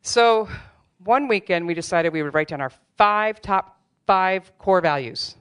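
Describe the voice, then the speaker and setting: A woman's voice: mid-range voice, expressive, unhurried, fairly bright tone, clear, resonant tone. A middle-aged woman telling a true personal story on stage, candid and wry, with self-deprecating humor. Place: theater stage before a live audience.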